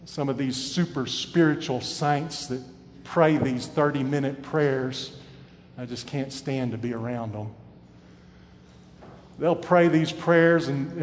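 Emphatic preacher man in a reverberant hall. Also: fairly high pitch. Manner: emphatic, swings from loud to hushed. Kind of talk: sermon.

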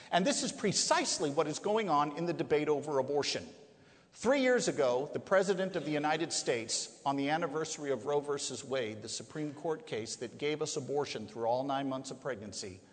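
Man, preacher, emphatic, rhetorical questions, lively rising and falling pitch, echoey hall. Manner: emphatic, rhetorical questions, drawn-out key words. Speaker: pro-life speaker. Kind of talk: preaching to a live audience. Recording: echoey hall, long reverb.

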